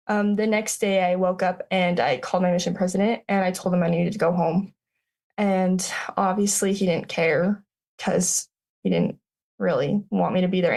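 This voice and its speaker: A woman in her twenties recounting a personal story as a podcast guest, halting, with many fillers and restarts. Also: medium pitch, a little mellow. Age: 20s.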